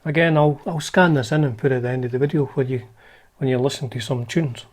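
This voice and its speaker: A man's voice: mid-range voice, fairly even intonation, quick pace. A man hosting a guitar channel, chatting casually and wryly through old magazines, with lots of fillers and restarts.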